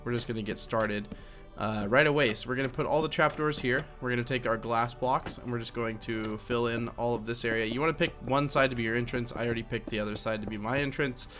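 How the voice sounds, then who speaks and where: With faint music behind, a young man in a mid-range, fairly bright voice narrates a Minecraft build quickly and with fairly even intonation. It's a casual, rambling tutorial, heavy on fillers and self-corrections.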